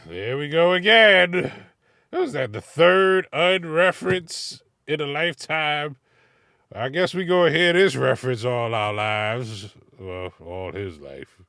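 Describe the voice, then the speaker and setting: A man giving casual, animated reaction commentary from inside his car, laughing and swearing as he critiques. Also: mid-range voice, measured pace, creaky, dry recording, clean studio sound. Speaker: music reaction vlogger.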